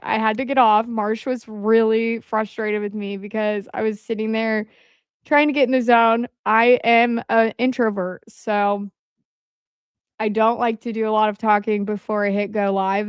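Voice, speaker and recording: A woman hosting a casual livestream, rambling along in a chatty way and filling her pauses with "um.". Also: mid-range voice, clear, resonant tone, dry recording, clean studio sound. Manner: rambling, with frequent "um" fillers. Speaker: livestream host. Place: at home.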